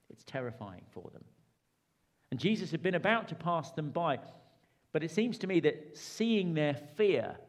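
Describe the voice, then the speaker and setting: A man preaching a sermon, with dramatic rises and hushed drops. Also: medium pitch.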